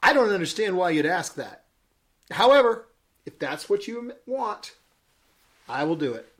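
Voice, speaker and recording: Modest old pastor, kinda surprised and humble, read out by a preacher. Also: male voice, high-pitched, very animated, unhurried.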